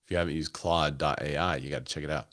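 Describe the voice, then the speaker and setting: A man's voice: rumbling low, fairly even intonation, quick pace, a bit bright. A man hosting a real estate podcast in casual, chatty panel talk, often laughing. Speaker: podcast host.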